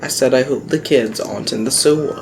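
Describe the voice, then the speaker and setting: A woman's voice: very deep voice, fairly quick, music in the background. A woman hosting a gameplay video, playful and giggly as she reads character lines aloud. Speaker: host. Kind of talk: casual gameplay commentary.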